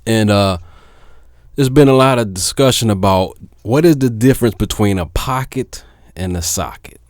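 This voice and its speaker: A low-pitched man talks to his viewers as a DJ in a casual vlog. He drifts through fillers and pauses, then grows animated and insistent. The sound is dry and close, with no room echo. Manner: laid-back with many fillers, then animated and emphatic. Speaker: DJ and vlogger. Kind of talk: casual talk to camera.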